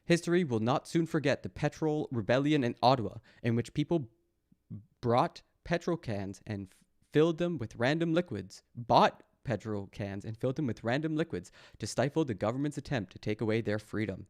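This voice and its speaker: A man's voice: mid-range voice, lively intonation, normal speed, a little mellow. Sarcastic male streamer mocking the news. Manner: sarcastic and mocking, talks back to a chat; reads posts aloud, then mocks them. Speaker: live streamer reacting to news posts. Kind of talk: casual live-stream commentary.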